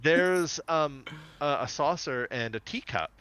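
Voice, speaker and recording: A man's voice: fairly high pitch, unhurried, smooth. A man co-hosting a podcast, chatting casually and laughing as he recaps a cartoon episode. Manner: animated, laughing storyteller. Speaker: podcast co-host.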